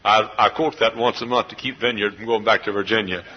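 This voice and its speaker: A middle-aged man preaching a sermon as a pastor, swinging from hushed confiding to shouted outbursts. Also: lowish voice, fairly even intonation, a little fast, dull audio. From Texas. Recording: live church service recording.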